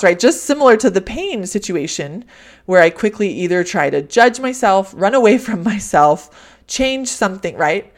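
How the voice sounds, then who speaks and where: A woman's voice: medium pitch, lively intonation, moderate pace. A woman life coach hosting a podcast, talking candidly and reflectively about her feelings, often repeating soothing phrases.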